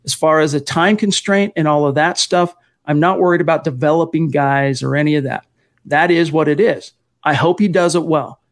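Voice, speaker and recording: A man's voice: a little high, fairly even intonation, moderate pace. Chatty man hosting a sports podcast. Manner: long-winded, detours and self-corrections. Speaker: podcast host. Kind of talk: casual sports podcast chat.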